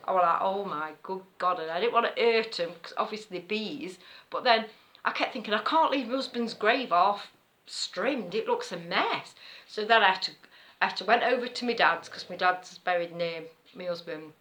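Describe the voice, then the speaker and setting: A woman's voice: on the low side, normal speed, bright, forceful tone. A middle-aged woman with an East Midlands accent, chatting casually in a rambling way as a knitting vlogger, laughing often as she tells a story. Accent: East Midlands English.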